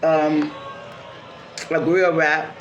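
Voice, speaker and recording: A woman's voice: low voice, level tone, extremely slow, muffled recording. A woman hosting a casual food vlog, chatting easily with frequent murmured agreement. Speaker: vlog host. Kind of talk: casual chat during a food video. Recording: roomy recording with crowd noise.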